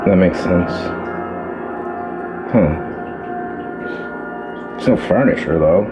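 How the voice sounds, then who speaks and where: A man guest in a comedy podcast, wry and rambling with deadpan complaints. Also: low-pitched, slow pace. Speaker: podcast guest, host's brother. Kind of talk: comedy sketch and casual chat. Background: background music.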